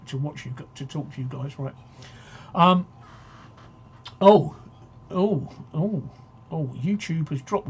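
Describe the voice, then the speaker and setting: A man's voice: a little high, dull audio, a little hiss or hum. A man hosting a casual live-stream talk show, rambling and joking as he reads out viewer comments.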